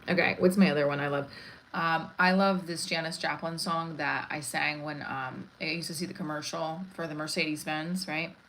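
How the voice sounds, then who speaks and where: A woman's voice: low voice, steady tone, normal speed, a bit bright, slight background noise, low-quality recording. A woman comedian chatting casually on a live stream, rambling from one thought to the next. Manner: chatty, rambling, breaks into song.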